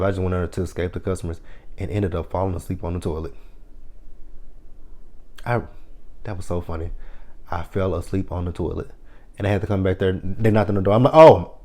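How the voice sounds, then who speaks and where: A man's voice: low-pitched, warm tone. Laid-back man doing a profane TV recap. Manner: chatty, laughs often, swears freely. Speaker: TV episode reviewer. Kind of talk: casual recap, profane and joking.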